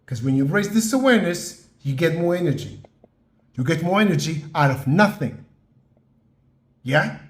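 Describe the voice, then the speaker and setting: A man giving an earnest motivational talk, slow and emphatic, often checking in with "yeah?" and "okay?". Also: fairly high pitch, expressive, echoey room. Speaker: motivational podcast host.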